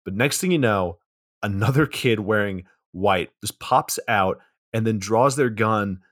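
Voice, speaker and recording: Deep-voiced man recapping a movie. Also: measured pace, fairly bright tone, no echo, clean studio sound. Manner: casual, swears freely, laughs mid-sentence. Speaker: podcast co-host recapping a film. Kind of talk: casual movie recap chat.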